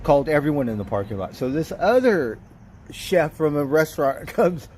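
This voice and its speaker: A man's voice: a little high, normal speed, a little hiss or hum. A man livestreaming outdoors, telling a story in a casual, profane way, chuckling as he goes. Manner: profane, chuckling, animated retelling.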